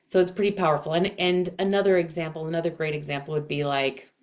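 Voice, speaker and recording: A woman teaching casually to camera in a dense, heavy voice, speaking expressively with clear inflection. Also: low-pitched, level tone, fast talker. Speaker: astrology and voice coach.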